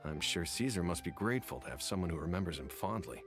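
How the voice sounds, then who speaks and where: A man voicing a wistful townsman in a video game, speaking gently and with regret. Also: sits low, animated, fast, music in the background. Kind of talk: game voice acting.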